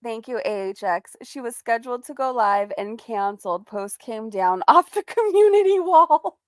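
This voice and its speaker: A woman hosts a reaction video, dropping amused comments and laughing asides. Her voice is high and very lively. The recording sounds dry and close. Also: moderate pace, no echo. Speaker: commentary host.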